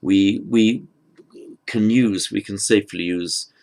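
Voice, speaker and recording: A slow, patient male teacher explaining grammar with a gravelly edge in his fairly low voice. He pauses, restarts and fills gaps with "um" as he works through examples. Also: fairly even intonation, darkish tone. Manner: patient, halting, with many restarts and fillers. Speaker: Sanskrit teacher. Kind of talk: unhurried grammar lecture.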